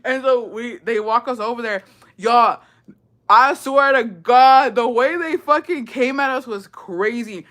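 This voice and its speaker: A woman telling a casual storytime, profane and animated, mixing in Spanish phrases and laughing often. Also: on the high side, unhurried. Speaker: vlogger.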